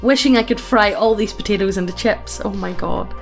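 A woman's voice: mid-range voice, a little fast, creaky, faint music behind. A woman channel host casually reading a funny story aloud, swearing freely and breaking into laughter.

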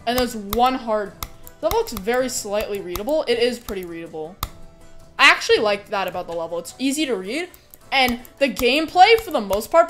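A young woman with a fairly high, bright voice streams a game and chats casually as she talks through her run. She keeps breaking into squealing protests and laughter during the live commentary.

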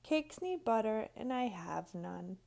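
A woman voicing a mild, bookish male bear in a storybook, speaking slowly. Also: on the high side, animated, gravelly, a little mellow, heavily acted. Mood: glum.

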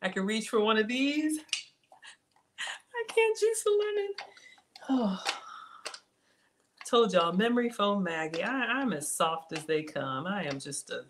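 A woman's voice: mid-range voice, animated, a little slow, background noise. A woman chatting through a live cooking stream from her home kitchen, reading viewers' comments aloud and talking to them by name. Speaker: cooking channel host.

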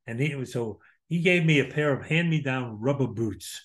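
A man's voice: medium pitch, animated, normal speed. An older man from the US Northeast co-hosting a podcast, recalling childhood winters with a chuckle. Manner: chuckling, reminiscing. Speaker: podcast co-host. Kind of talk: casual reminiscing.

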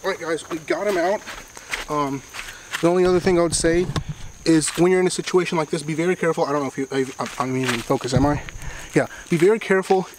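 A man's voice: fairly high pitch, fast talker, background noise. A man filming a casual fishing vlog outdoors on a riverbank, talking to the camera in a chatty, rambling way. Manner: chatty and rambling, addresses viewers as guys. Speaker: fishing vlogger. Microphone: camera set up on the bank.

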